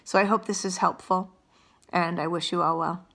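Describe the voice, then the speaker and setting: Bright-voiced woman guiding mindful eating. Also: on the low side, fairly even intonation, vocal fry. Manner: slow, gentle, unhurried guidance; eats and chews while talking. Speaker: wellness coach. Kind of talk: guided mindful eating demonstration.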